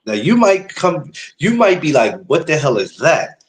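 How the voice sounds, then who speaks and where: Slow, lively man reacting with laughter. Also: on the high side. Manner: laughs a lot, reacts and riffs on the story. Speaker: podcast co-host. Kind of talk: casual chat.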